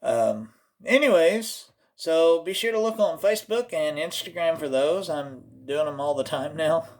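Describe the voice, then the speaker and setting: A man from Oklahoma, USA hosts a comedic vlog with an Oklahoma accent, rambling and joking and repeatedly slipping into put-on voices. His voice is a little high and lively in intonation, and he speaks a little slowly.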